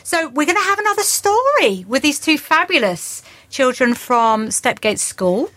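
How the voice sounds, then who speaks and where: A woman presenting on the radio, warmly encouraging and praising young readers in casual chat. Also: high-pitched, sing-song, moderate pace, faint music behind.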